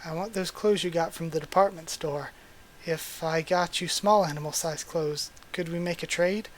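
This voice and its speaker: A man's voice: fairly high pitch, normal speed, lightly acted. A man voicing a tall, shy young male wolf as he reads a manga aloud, earnest and awkward, in his own everyday voice.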